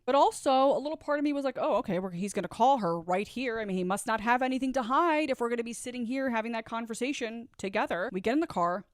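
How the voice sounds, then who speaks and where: A woman with a deep voice tells a personal story, candid and reflective, acting out what people said. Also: animated, quick pace, hardly any pauses, dry recording, studio quality. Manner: candid, reflective, acts out quoted dialogue. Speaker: vlogger telling her own story. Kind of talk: storytime vlog.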